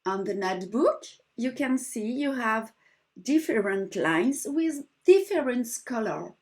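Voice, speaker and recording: A woman's voice: fairly high pitch, animated, measured pace. A woman with a French accent, speaking English as a second language, patiently walking viewers through an embroidery stitch step by step. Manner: gentle, patient, slightly broken English. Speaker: embroidery teacher. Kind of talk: slow step-by-step craft demonstration.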